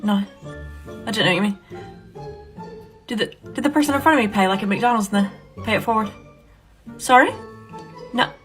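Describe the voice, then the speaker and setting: A woman's voice: medium pitch, normal speed, pauses often, faint music behind, lightly acted. A woman voicing a chatty, easily surprised middle-aged British woman in a comic sketch. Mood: incredulous. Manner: incredulous, chatty.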